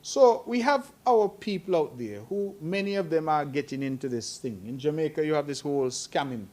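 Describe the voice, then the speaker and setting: A man's voice: a little high, lively intonation, normal speed, a little mellow. A middle-aged man giving earnest, admonishing remarks at a press conference, growing emphatic. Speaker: head of government at a press conference.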